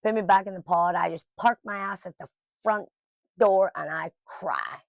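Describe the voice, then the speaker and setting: A woman's voice: mid-range voice, normal speed, creaky, no echo. A middle-aged woman telling a personal story to camera in a casual, blunt and emotional way. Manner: emotional, blunt, lively quoting of others.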